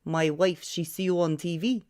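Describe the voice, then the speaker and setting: Woman voicing an old Slavic-accented barber, chatty, broken English, slightly low. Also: normal speed, natural voice. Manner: broken English, steady patter.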